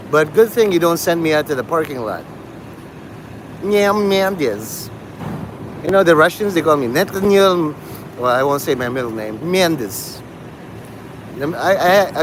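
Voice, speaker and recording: A man hosting a live stream, talking in a rambling, profane monologue that jumps between topics. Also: on the high side. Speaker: livestream host. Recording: live stream with loud street noise.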